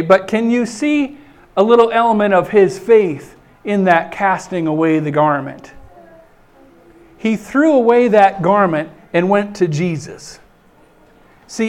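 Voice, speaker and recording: A man preaching a folksy sermon and reading scripture, often saying "okay" and acting out scenes in a raised voice. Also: high-pitched. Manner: animated, acts out scenes in raised voice.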